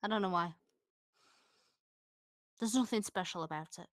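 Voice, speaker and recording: A woman with a northern English accent chatting casually and answering viewers' questions in a livestream, self-deprecating and quick to laugh. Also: mid-range voice, no echo, clean studio sound. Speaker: YouTuber answering chat questions. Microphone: new studio microphone.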